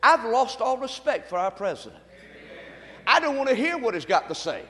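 A man preaching a sermon, leading the congregation to repeat after him and building to shouts. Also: extremely high pitch, sing-song, normal speed. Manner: call-and-response preaching, rising to shouts. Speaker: pastor. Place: church sanctuary. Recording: long reverb of a church hall.

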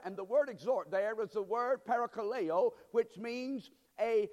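A man preaching a sermon as pastor, swinging between calm teaching and sudden loud, emphatic bursts. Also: high-pitched, a little slow, few pauses, big-room sound. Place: church sanctuary.

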